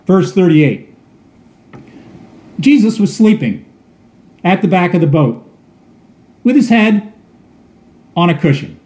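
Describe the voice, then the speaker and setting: A man's voice: high voice, expressive, slow, long pauses, a little mellow. A man preaching a sermon, telling a story earnestly and often repeating words as he goes. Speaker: pastor. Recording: echoey room.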